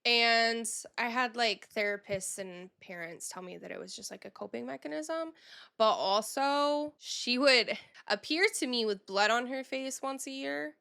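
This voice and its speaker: A woman's voice: fairly high pitch, measured pace, vocal fry, sharp tone, clean tone. A woman co-hosting a podcast in casual chat, giggly and rambling, with lots of fillers. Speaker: podcast co-host.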